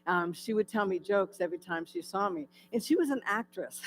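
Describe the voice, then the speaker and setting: A woman's voice: mid-range voice, expressive, a little fast, gravelly, soft background music, low-quality recording. A woman from California giving a personal testimony to a church audience, telling her story with many fillers and asking the audience questions. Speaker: guest speaker. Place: church hall.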